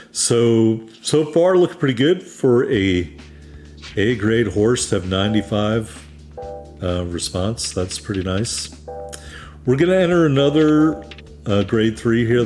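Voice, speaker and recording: A man's voice: medium pitch, a little mellow. A man from New England giving casual, wry let's-play commentary on a racing game. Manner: casual, wry, self-deprecating. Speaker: gaming YouTuber.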